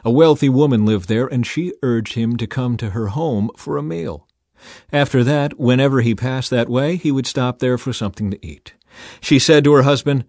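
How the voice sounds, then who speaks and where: A man narrating a scripture story in a measured, deliberate reading style. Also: medium pitch, darkish tone, no room sound, studio quality.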